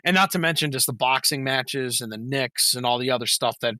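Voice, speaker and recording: A man's voice: mid-range voice, brisk, a crowd in the background. A man co-hosting a casual podcast, rambling fondly through a memory with lots of fillers. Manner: rambling, fond reminiscing with fillers. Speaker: podcast co-host. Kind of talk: casual chat among friends.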